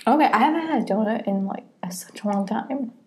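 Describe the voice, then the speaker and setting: A young woman co-hosting a podcast, chatting in a relaxed way and laughing often. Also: a little high, fast talker. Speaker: podcast co-host. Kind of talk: casual chat.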